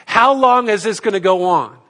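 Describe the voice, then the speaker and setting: A male pastor preaching an expository sermon, teaching in a measured way and posing rhetorical questions to the congregation. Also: sits high, sharp tone.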